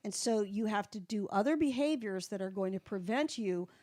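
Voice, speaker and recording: A woman's voice: mid-range voice, animated, normal speed, a little mellow, no room sound. Candid woman in her seventies, dry sound. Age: 70s. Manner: candid, storytelling, folksy sayings. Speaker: guest, folk singer in long recovery. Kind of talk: casual interview chat.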